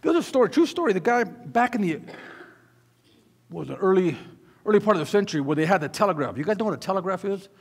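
A middle-aged man preaching a sermon as a pastor, telling stories with animated sound effects and asides to the congregation. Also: sits high, fast, slightly rough, long reverb tail. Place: church sanctuary.

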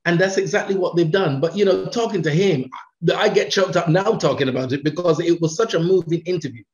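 A man's voice: fairly high pitch, a little fast. A man, a radio presenter, chatting in an interview, telling stories animatedly and laughing often. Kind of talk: casual interview chat. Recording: dull lo-fi sound.

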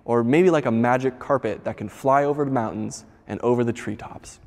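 A man's voice: mid-range voice, a little fast, in a large hall, lightly acted. A man voicing a dreamy blind man who believes in magic, speaking wistfully.

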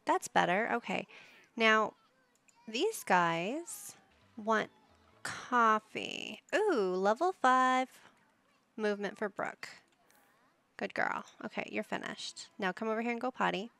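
A woman talks through a life-sim game in a slow, unhurried way, coaxing her characters along like a parent. Her voice has a gravelly, fried edge. The sound is dry and close, with no room around it. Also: fairly high pitch, animated, sharp tone, no echo. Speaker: gaming YouTuber. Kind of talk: casual gameplay commentary.

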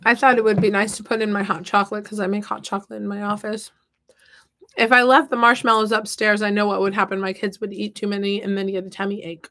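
A woman's voice: mid-range voice, flat delivery, fast, a bit bright. A woman hosting a casual craft livestream from her home office, chatting and reading out viewer comments. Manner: playful and upbeat. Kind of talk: casual chat while crafting.

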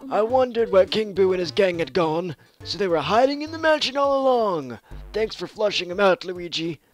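A man putting on a high fussy old scientist. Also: lively intonation, moderate pace, faint music behind. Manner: fussy, folksy old-timer talk. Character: eccentric old male ghost-hunting scientist. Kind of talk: game dialogue read aloud.

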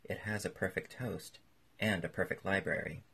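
A man reading aloud and voicing a witty, languid aristocratic gentleman with urbane drawling wit. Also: low-pitched, fairly even intonation, normal speed, vocal fry, slightly rough, heavily acted.

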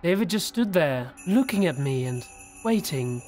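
A man narrating a horror story in a steady, serious storytelling voice. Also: a little high, moderate pace. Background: faint background music.

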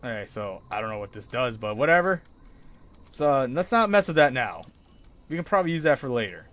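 A man's voice: mid-range voice, big pitch swings, a little fast, a bit bright. A young man streaming a horror game, yelping and laughing nervously as he plays. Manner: jumpy, yelps and nervous laughter. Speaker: gaming streamer. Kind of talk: horror let's play commentary.

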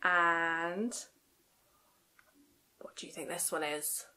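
Lady doing kids rhyme time at the library, slow gentle sing-songy, kinda bright and high. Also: steady tone, clear, resonant tone. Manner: gentle, sing-song, talks to small children with gasps and whispers. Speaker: children's librarian. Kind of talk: toddler rhyme-time session. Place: library, indoors.

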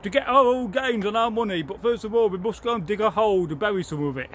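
A man's voice: high-pitched, fast talker, a bit bright, slight background noise, pitched above the performer's own voice. A man voicing a gang of greedy, crude robbers in a storybook telling, boastful and gleeful. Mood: gloating.

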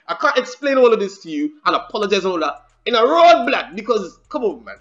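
A man hosting a music reaction video, excitedly breaking down lyrics in casual slang. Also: high voice, a little fast, muffled recording.

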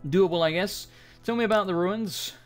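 A man's voice: sits high, normal speed, faint music behind. A man giving casual, sarcastic commentary while playing a game, swearing and muttering to himself. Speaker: let's play gamer. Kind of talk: casual gameplay commentary, reading game dialogue aloud.

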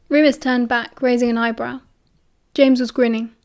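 A woman with a British accent reading an audiobook in an even, measured way. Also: on the high side. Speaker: audiobook narrator. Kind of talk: audiobook narration.

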